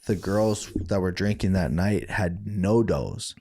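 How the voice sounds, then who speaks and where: Animated man telling a rambling story. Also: deep voice, slow. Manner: animated, acts out quoted people in raised voices, laughs often; loose, rambling phrasing with many fillers and restarts. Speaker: podcast guest, former fighter. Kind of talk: casual storytelling.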